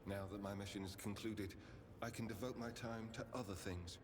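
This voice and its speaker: A man playing a stern interrogator in a video game, speaking in a grave, measured, formal way. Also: on the low side, fairly even intonation, long reverb tail, noisy background, natural voice. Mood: composed. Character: stern male inquisitorial interrogator.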